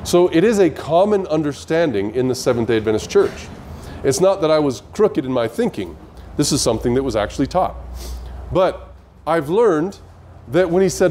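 A man's voice: fairly high pitch, animated, moderate pace, mellow, slight background noise. A man teaching the Bible in an earnest way, often asking his listeners questions.

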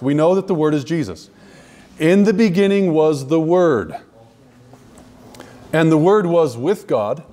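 A man preaching a sermon to a live audience, emphatic, slowing down to stress key words and addressing listeners directly. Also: fairly high pitch, a little mellow.

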